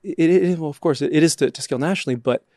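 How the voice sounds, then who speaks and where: A man of middle pitch speaks as a startup founder guest, his voice gravelly with some fry. He answers in halting bursts full of fillers and restarts. The sound is close and dry. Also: darkish tone, dry recording. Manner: hesitant, restarts often, fillers. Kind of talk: casual interview answers.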